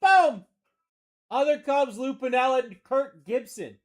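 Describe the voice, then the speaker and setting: A man from Maine with a Maine accent hosts a live card-breaking stream, calling pulls with energetic, slangy banter and shouting over big hits. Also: very high-pitched, a little slow. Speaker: card-breaking livestream host. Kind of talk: excited live sales commentary.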